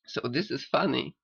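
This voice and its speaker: A man who learned later in life talks slowly, halting and repeating himself. His voice is gravelly and the recording is dry and dull, as if taken close up with a cheap mic. He muses on a cartoon in a loose, spiritual way. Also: fairly high pitch, dry recording. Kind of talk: rambling spiritual commentary on a cartoon. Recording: dull lo-fi sound.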